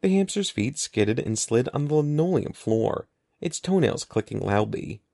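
A man narrating an audiobook in an expressive, lively storytelling manner. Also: mid-range voice, normal speed, creaky, no echo, clean studio sound. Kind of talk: scripted narration.

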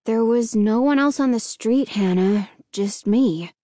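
A woman voicing a gentle, concerned young boy who speaks softly and carefully. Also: on the high side, unhurried, no room sound, clean studio sound. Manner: soft, worried, careful.

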